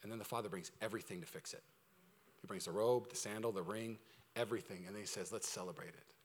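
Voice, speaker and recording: A man preaching a sermon to his church, talking in an energetic, conversational way with humor, swinging between loud emphasis and quiet intensity. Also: lowish voice, fast. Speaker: pastor. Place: church service before a congregation.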